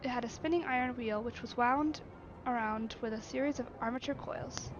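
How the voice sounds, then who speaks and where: A woman streamer reads a text adventure aloud in a high voice, adding musing asides. Her narration is expressive. A faint hiss sits under a slightly dull, lo-fi recording. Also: moderate pace. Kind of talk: reading a text game aloud.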